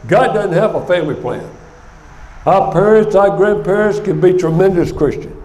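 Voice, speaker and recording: An older man preaching a sermon in a church, telling a story with animated energy. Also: high voice, moderate pace. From United States. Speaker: guest speaker. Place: church sanctuary. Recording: echoey church sanctuary.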